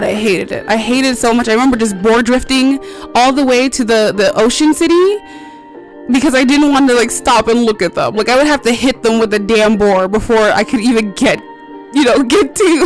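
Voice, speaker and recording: A woman's voice: on the high side, fairly quick, faint music behind. A woman streamer chatting casually while playing a game, rambling through stories with lots of filler words, swearing freely and laughing often.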